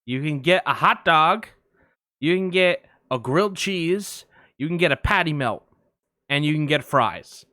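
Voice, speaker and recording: Casual podcast co-host, man, bright and smooth tone, dry close mic, rambling storyteller. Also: fairly high pitch, lively intonation, unhurried, no echo. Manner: rambling anecdote, many fillers. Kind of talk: casual film podcast chat.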